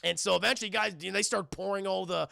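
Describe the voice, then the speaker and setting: A man's voice: sits high, fairly even intonation, quick pace, vocal fry, sharp tone, no echo, studio quality. A man recapping a cartoon episode on a live stream, rambling and cursing while he talks to the chat. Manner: rambling, profane, addressing chat.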